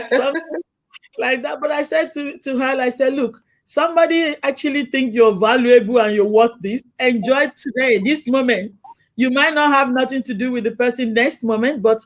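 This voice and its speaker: A middle-aged woman hosting a casual chat, telling stories in a lively way, acting out quoted lines and laughing often. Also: sits high, normal speed. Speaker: host.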